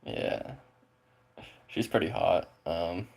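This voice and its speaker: Deep gravelly-voiced rambling man. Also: animated, very slow, a little mellow. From Spokane, Washington, USA. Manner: rambling, filler-heavy, swears casually. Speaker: streamer chatting with viewers. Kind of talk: casual chat.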